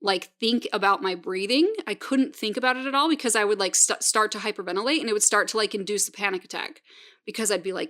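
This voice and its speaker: A woman's voice: medium pitch, quick pace, a bit bright. Chatty woman telling a personal story. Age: 30s. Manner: casual, chatty, many "like" fillers, laughs at herself. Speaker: podcast host.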